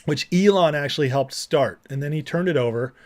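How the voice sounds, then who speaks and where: Brisk and fairly high-pitched, this livestream host keeps it chatty, reading out comments and poking fun at clips between frequent bursts of laughter.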